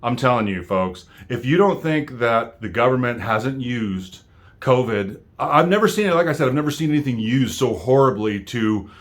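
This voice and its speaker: A man's voice: medium pitch, expressive, normal speed. An American man delivering an angry political rant straight to his viewers, heated and full of stammering restarts. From United States. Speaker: vlogger.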